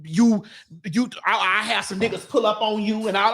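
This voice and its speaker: A woman from Miami-Dade hosting a morning talk show, telling a story in a blunt, profane, animated way. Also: medium pitch, normal speed. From Miami-Dade, Florida.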